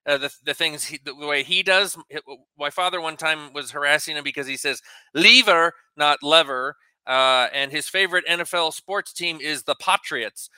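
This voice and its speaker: A man co-hosting a radio talk show, reading news and history from notes in a chatty way with quick asides. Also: on the high side, sharp tone, clean tone, no echo.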